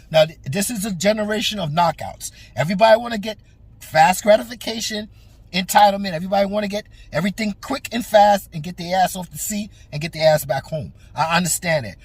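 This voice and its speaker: Swearing constantly, a man on a boxing talk show lays into the fighter face to face in an emphatic, opinionated rant. His voice is high and slightly rough, captured in a dry recording.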